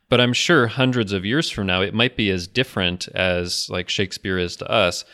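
An American man with a low but very bright, forceful voice, chatting as a podcast co-host. He thinks aloud with enthusiasm, circling through ideas. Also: clean tone. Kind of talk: casual chat.

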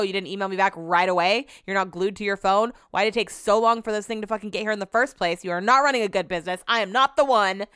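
A woman's voice: on the high side, fairly bright tone, clear, resonant tone, no echo, studio quality. A young woman hosting a casual solo podcast, chatty and exasperated, swearing freely as she rants about her week. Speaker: podcast host.

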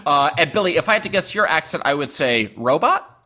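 A man co-hosting a comedy podcast, chatting casually in a playful, rambling way with quick bursts and restarts. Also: on the high side, lively intonation, sharp tone, a little hiss or hum. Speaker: podcast co-host.

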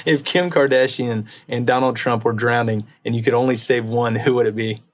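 A man co-hosts a casual podcast, reading out quiz questions with an upbeat, encouraging manner. His voice sits at an ordinary middle pitch, and he keeps praising his partner's answers. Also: fairly even intonation, normal speed.

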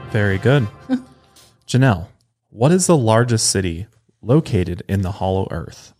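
A man's voice: fairly low pitch, big pitch swings, measured pace, darkish tone, soft background music. A man hosting a casual podcast quiz game, reading questions and joking with laughs between them. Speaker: podcast host, quizmaster.

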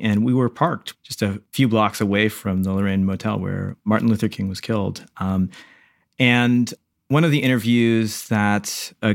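A man, an interview facilitator, recalling his travels in an earnest, casual way. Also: on the low side. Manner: earnest, casual, a few restarts. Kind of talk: reflective recollection.

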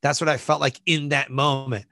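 A man guest on a podcast, telling a personal story in an animated way and acting out the voices of people in it. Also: mid-range voice, normal speed, creaky, dry recording. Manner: animated, acts out voices in his stories, many fillers like "like".

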